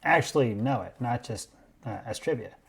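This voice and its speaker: A man hosting a podcast, telling food history in a measured, explanatory way. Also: mid-range voice, lively intonation, creaky, a bit bright, husky. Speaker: podcast host.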